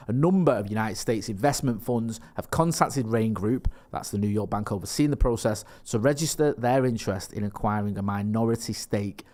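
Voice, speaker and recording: A man co-hosting a podcast, chatting casually in a rambling, jokey way and reading news reports aloud. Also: lowish voice. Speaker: podcast co-host. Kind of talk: casual chat.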